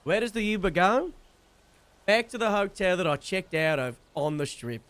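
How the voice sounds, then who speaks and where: Brief: young male streamer, casual storyteller, slightly higher voice, lively and profane. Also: normal speed, clear, resonant tone, no echo. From Wales. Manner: animated, swears freely.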